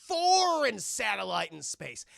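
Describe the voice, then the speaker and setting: A loud, stammering government agent lectures about threats and security, as a man acts him out. The voice is deeply gravelly and forceful. The sound is dry and close. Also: huge pitch swings, a little slow, dry recording, heavily acted. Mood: ranting. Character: pushy paranoid male government agent, adult.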